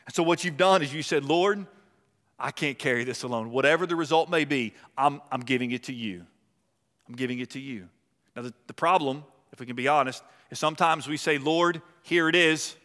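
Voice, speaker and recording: Guy preaching in a church, kinda high voice, long echo off the walls, goes loud then soft. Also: fairly quick. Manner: impassioned preaching, swinging from loud to hushed. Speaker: pastor. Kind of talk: sermon. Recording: long reverb of a large hall.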